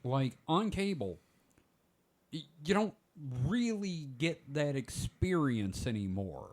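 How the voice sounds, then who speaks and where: A man's voice: fairly high pitch, sing-song, slow, darkish tone. A man in his forties hosting a podcast, telling rambling stories in casual chat. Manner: rambling storyteller, many "like" fillers. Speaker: podcast host.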